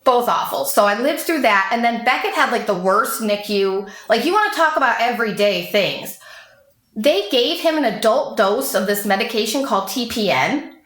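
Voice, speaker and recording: A woman in her thirties telling a long personal story in casual chat, animated and swearing freely as she acts out what others said. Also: fairly high pitch, normal speed. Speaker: podcast guest. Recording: echoey room.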